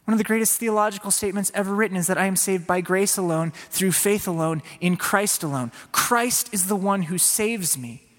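A man delivers a sermon with an earnest, conversational manner. His voice sits a little high for a man. It carries a long hall reverb, as in a church sanctuary. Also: fairly quick, hardly any pauses, a bit bright. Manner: earnest, voices Peter's inner plea in a raised pleading tone. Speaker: preacher.

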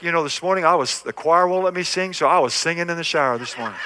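A man's voice: a little high, fairly quick, few pauses, sharp tone. An older man preaching a sermon as pastor in a church, emphatic and repetitive, calling out to the congregation. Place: church sanctuary.

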